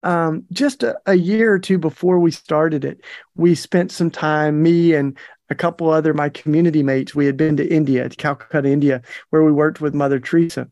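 A man's voice: on the high side, steady tone, normal speed, darkish tone, no room sound, clean studio sound. A middle-aged man hosting a podcast, telling a story in a chatty, folksy way with plenty of fillers. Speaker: podcast host. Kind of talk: casual storytelling monologue.

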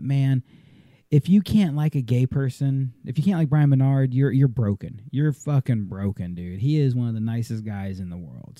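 A man's voice: mid-range voice, mellow, no room sound. A man on a podcast talking emphatically, motivational and swearing for stress. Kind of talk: casual podcast chat.

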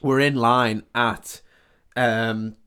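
A man's voice: mid-range voice, fairly even intonation, drawn-out words, pushed and bright, smooth. A man on a casual podcast, retelling a film scene with plenty of swearing and laughter. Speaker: podcast co-host. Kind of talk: casual film recap chat.

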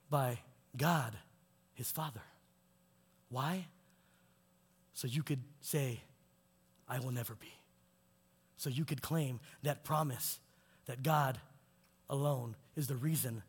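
A male pastor preaching in a church, his delivery swinging between soaring emphatic peaks and hushed low lines. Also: husky. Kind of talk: sermon with altar call. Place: church sanctuary. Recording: long hall reverb with faint music.

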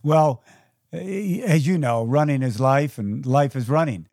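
A man hosts a podcast, speaking a bit higher than most men. He encourages his guest, often repeating a phrase to stress it. The sound is close and dry, with no room echo. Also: measured pace. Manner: encouraging, warm affirmations, small repeats. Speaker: podcast host. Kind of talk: supportive interview chat.

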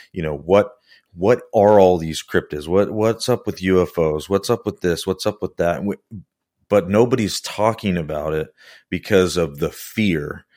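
Male podcast host, very deep and slow, earnest and deliberate, dry mic. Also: darkish tone, no room sound. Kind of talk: casual podcast discussion.

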